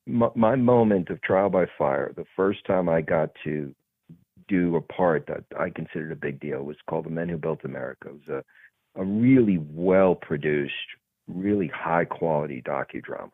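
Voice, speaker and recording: This guest actor has a very deep, breathy voice at a normal pace, and he brings his interview stories to life by playing the other characters. The recording is dry and thin, almost like a phone line.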